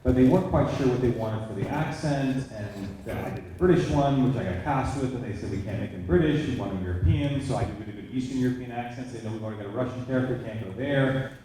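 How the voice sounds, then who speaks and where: A man on a convention panel telling a story in an animated way and acting out what others said. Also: mid-range voice, fast talker, slight background noise. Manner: animated storyteller, acts out quoted exchanges. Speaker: voice actor panelist. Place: large echoey convention hall. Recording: echoey hall from far off.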